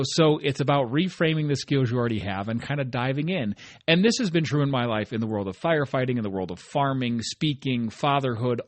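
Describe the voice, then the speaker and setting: A man's voice: medium pitch, no echo. Earnest man encouraging listeners, dry sound. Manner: conversational, often adds "right?" tag questions. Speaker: podcast host. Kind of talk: motivational solo podcast monologue.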